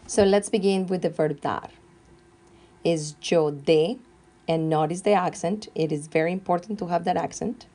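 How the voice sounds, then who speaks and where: A woman teaching Spanish grammar, slowly and carefully dictating verb forms one at a time. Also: lowish voice, fairly even intonation, dark tone. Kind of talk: classroom grammar lesson.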